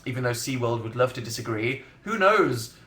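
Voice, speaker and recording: A man's voice: mid-range voice, lively intonation, moderate pace, bright, forceful tone, roomy sound. A young man in his twenties chatting casually on a livestream, rambling and sardonic, laughing often as he reads out comments. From England. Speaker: livestream host. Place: bedroom livestream setup, indoors.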